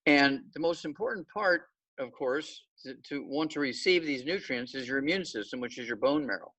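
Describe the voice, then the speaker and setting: A man's voice: medium pitch, animated, normal speed, a bit bright, breathy edge, recorded from a distance, poor audio. A man giving an informal lecture on a call, folksy and emphatic, often checking in with "okay". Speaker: guest lecturer.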